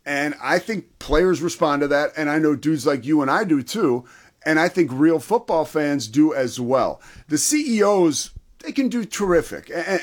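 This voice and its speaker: Enthusiastic man with a lively voice. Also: a little high. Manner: enthusiastic, conversational. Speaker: sports talk show co-host. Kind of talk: sports talk chat.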